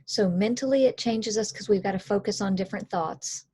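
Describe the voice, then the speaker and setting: A woman coach talking parents through handling anxiety, calm, earnest and plainspoken. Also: medium pitch, fairly quick, breathy edge. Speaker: coach and author. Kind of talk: conversational explainer.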